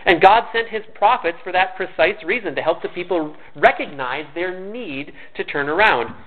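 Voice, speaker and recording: A man's voice: sits high, expressive, moderate pace. A man preaching a sermon in an earnest, conversational way, often restarting his words. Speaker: pastor. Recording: tinny phone-like sound.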